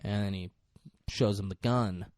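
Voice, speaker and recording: A man on a casual film-recap podcast retells the movie scene by scene, swearing liberally and voicing the characters with large swings in pitch and loudness. His speech is a little slow with fairly even intonation, in a studio-quality recording without echo.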